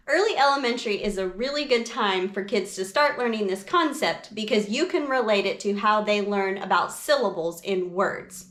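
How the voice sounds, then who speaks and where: A woman music teacher explaining a lesson for parents and teachers in a slow, clear, patient way. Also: mid-range voice, a bit bright, reverberant.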